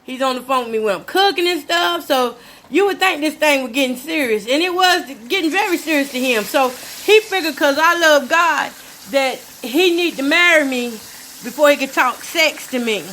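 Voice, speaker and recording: With slight background noise, an older woman's high-pitched, expressive voice comes through sharp at a moderate pace. Hosting her casual vlog, she cooks and tells a story in a chatty, emphatic style, addressing viewers as "y'all."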